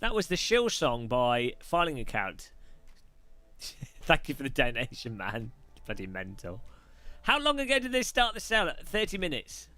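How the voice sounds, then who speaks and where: A man's voice: mid-range voice, wildly swooping pitch, moderate pace, sharp tone, no echo. A man hosting a casual live stream, chatty and jokey, rambling with restarts. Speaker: streamer host.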